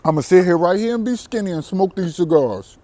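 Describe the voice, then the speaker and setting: A man's voice: high voice, animated, brisk, warm tone, no echo. A man vlogging a brash, defiant monologue to camera, boastful and profane, often breaking into laughter. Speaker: vlogger on dating abroad.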